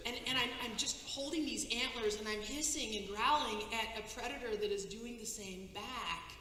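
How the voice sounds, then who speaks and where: A woman giving a personal testimony on stage, telling a dramatic story with halting restarts and breathless pacing. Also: on the high side, sharp tone. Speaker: conference speaker. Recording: echoey hall, faint noise.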